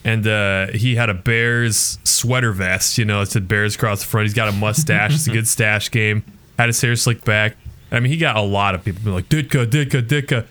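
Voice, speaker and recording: A man co-hosting a sports podcast, telling a long story in a rambling, animated way with lots of fillers. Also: on the low side, moderate pace. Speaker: podcast co-host. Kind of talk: casual storytelling chat.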